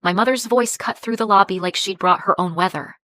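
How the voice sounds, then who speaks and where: A woman narrating a first-person story in a measured, even way. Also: medium pitch, dry recording.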